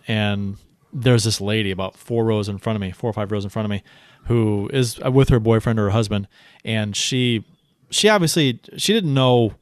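A man's voice: fairly low pitch, clean tone, no room sound, studio quality. A man co-hosting a hockey podcast in casual chat, talking in a loose, rambling way. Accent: St. Louis. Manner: rambling, many fillers and restarts. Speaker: podcast co-host.

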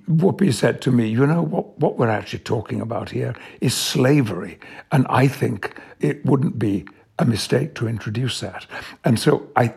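Gravelly, husky older Englishman. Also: medium pitch. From England (Yorkshire). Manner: measured, theatrical, reflective. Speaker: actor, interview guest. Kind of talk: radio interview.

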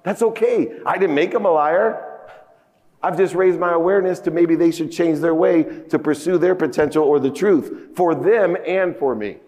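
A man's voice: fairly high pitch, normal speed, a little mellow. A man giving a motivational keynote on a conference stage, telling stories emphatically and acting out dialogue with rising outbursts. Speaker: keynote speaker. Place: large conference hall stage. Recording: long reverb of a conference hall.

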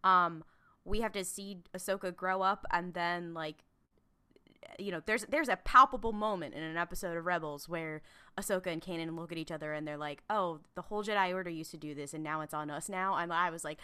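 Woman on a podcast, bright voice, lots of ums and laughing while she talks. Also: on the low side, brisk, smooth. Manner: rambling with many fillers and laughs. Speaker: podcast co-host. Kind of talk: casual chat.

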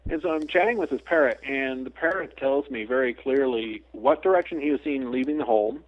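A man's voice: mid-range voice, fairly quick, no room sound. A man being interviewed as a guest, an animal communicator who tells his anecdotes animatedly. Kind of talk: storytelling in a podcast interview. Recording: tinny phone-like line.

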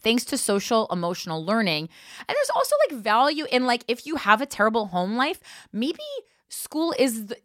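A woman's voice: medium pitch, fairly bright tone, dry recording. A woman podcast host reading a news article aloud and breaking off for blunt, profane asides, on a close mic. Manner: blunt, profane asides between read passages.

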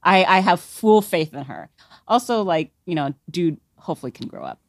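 A woman's voice: fairly low pitch, wildly swooping pitch, moderate pace, gravelly, no room sound, studio quality. A woman co-hosting a casual entertainment chat, talking things through in a chatty, hedging way. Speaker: podcast co-host.

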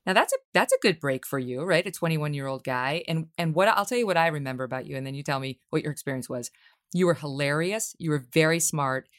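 A woman hosts an interview in a low voice, talking fast. She asks quick questions and teases her guest, laughing as she goes. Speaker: podcast host. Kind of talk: interview conversation.

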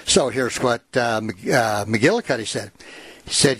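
Husky man retelling a frontier tale. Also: medium pitch, measured pace, a bit bright, no room sound. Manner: reads a passage aloud with asides, fillers and small laughs. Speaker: storyteller. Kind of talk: casual retelling of a written history.

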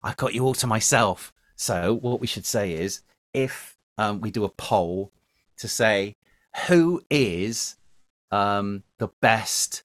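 A man's voice: deep voice, no room sound, studio quality. A man co-hosting a podcast, chatting casually and reading out listener messages. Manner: chatty, rambling, reads listener messages aloud. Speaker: podcast co-host.

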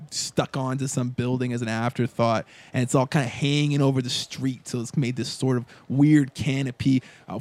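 A man's voice: mid-range voice, darkish tone. A man narrating a tabletop role-playing game as game master, casual and rambling.

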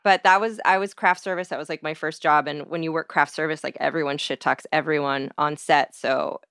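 A woman's voice: low voice, fairly even intonation, a little fast, a bit bright, clean tone, no echo, clean studio sound. A woman guest on a podcast, chatting casually and telling stories with lots of filler words. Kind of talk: casual chat.

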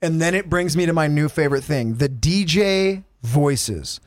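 A man co-hosting a comedy podcast, talking in an animated, swearing rant and mimicking radio voices. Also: a little high, normal speed, no room sound, clean studio sound. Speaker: podcast co-host. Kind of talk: casual comedy chat.

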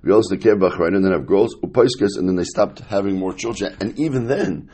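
A man's voice: deep voice, a little fast, warm tone, slightly rough. A man teaching a Talmud lesson, reading the Aramaic and translating it line by line in a casual, explanatory way. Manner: casual, explanatory, with many fillers and Yiddish-Hebrew terms.

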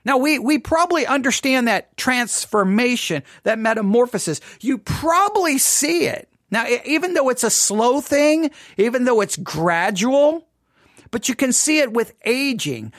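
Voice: medium pitch, very animated, normal speed, dry recording, studio quality. A podcast host talking casually, rambling, repeating words and asking listeners rhetorical questions.

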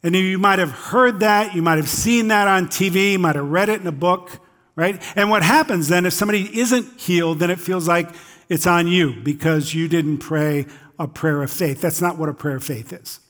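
A man with a fairly high voice preaches to his congregation in a relaxed, conversational way. He walks through scripture and slips into the voices of the people in his stories. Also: moderate pace. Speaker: pastor. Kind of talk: sermon.

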